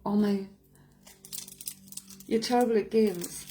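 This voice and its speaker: A woman's voice: mid-range voice, fairly even intonation, takes it slowly, mellow, faint music behind, poor audio. A woman, a psychic medium, chatting casually on a live stream, reading out viewers' comments, answering them and laughing often.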